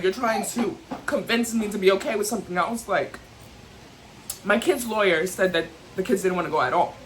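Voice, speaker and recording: A woman's voice: mid-range voice, a bit bright, a little hiss or hum, rough recording. A young adult woman venting to camera in an emotional, heated, rambling way, full of "like" and "you know what I'm saying". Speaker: vlogger.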